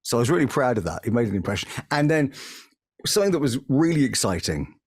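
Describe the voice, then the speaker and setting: A man, a voice actor, telling lively anecdotes in an interview and slipping into impressions as he talks. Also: mid-range voice, fast, husky, no room sound. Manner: animated, breaks into impressions mid-story. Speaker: voice actor guest. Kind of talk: anecdotal storytelling.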